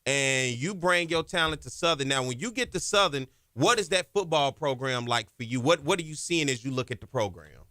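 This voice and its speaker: A man hosting a sports talk radio show, energetic and conversational as he interviews a guest. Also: medium pitch, no room sound, clean studio sound. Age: 30s. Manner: energetic, conversational, drawn-out questions. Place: radio studio.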